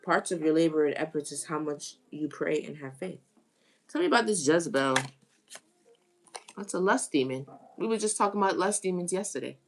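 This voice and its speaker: A woman giving a live tarot reading, animated, with exclamations and phrases repeated for emphasis. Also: sits low, fairly quick, slight background noise. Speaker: tarot reader.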